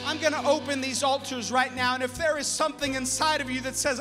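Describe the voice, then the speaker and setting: A man preaching a sermon in a church sanctuary, impassioned and building to loud climaxes. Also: very high voice, fairly even intonation, a little fast, few pauses. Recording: long church reverb with music.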